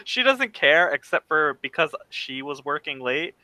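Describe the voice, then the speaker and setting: An easygoing man with a bright voice chats with friends and laughs often. The sound is close and dry, with no room around it. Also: fairly high pitch, very animated, a little slow, no room sound, low-quality recording. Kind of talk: casual chat.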